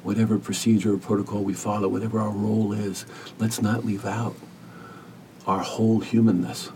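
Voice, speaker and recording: Gravelly, low-voiced man telling a story. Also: flat delivery, distant mic, a little hiss or hum. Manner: earnest, gentle, measured storytelling. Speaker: hospice caregiver, podcast guest. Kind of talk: reflective storytelling interview.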